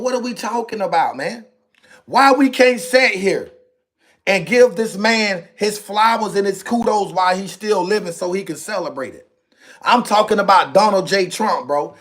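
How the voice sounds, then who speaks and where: High-voiced man ranting on a live stream. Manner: animated, preachy, repeats himself, slangy street talk. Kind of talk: casual political rant on a live stream.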